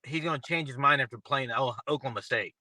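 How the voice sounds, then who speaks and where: A man's voice: mid-range voice, quick pace, bright, forceful tone, no echo, low-quality recording. A man co-hosting a sports talk show, giving blunt opinions in a casual chat. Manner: blunt, argumentative. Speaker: co-host.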